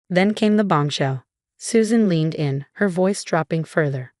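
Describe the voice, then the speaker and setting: A woman reading a dramatic first-person revenge story as a scripted narration, measured and even. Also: on the low side, no echo, clean studio sound.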